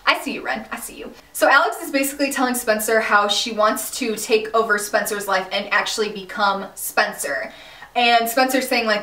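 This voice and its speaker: A woman casually recapping a TV finale, animated and slangy, exclaiming and laughing as she tells it. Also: a little high, fairly quick, far from the mic. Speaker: recap vlogger. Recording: echoey room, a bit off-mic.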